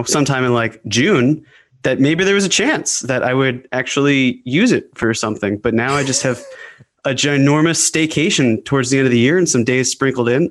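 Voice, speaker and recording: A man co-hosting a casual sports podcast, relaxed and easygoing. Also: mid-range voice. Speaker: podcast co-host.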